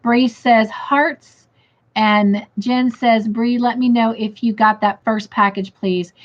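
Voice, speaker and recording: A woman's voice: on the high side, steady tone, slow. A woman hosting a casual livestream, chatting and reading viewer comments aloud while in pain and tired. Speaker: crochet livestream host. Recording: dull lo-fi stream audio.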